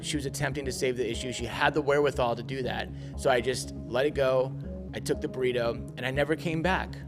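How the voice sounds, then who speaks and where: A man telling a restaurant story and critiquing the service in an indignant, emphatic way. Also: medium pitch. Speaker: restaurant reviewer. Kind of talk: storytelling commentary.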